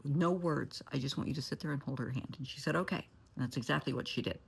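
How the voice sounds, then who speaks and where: A woman's voice: rumbling low, fast, vocal fry, breathy edge. A woman therapist recounting a client story and giving blunt, candid advice. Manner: candid, blunt, shifts to forceful warnings.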